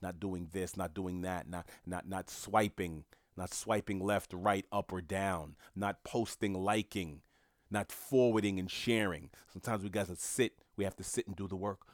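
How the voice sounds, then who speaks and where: A man's voice: low voice, fairly even intonation, moderate pace, no echo, clean studio sound. A man delivering a motivational monologue, emphatic and repetitive, in a coaching tone. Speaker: motivational speaker.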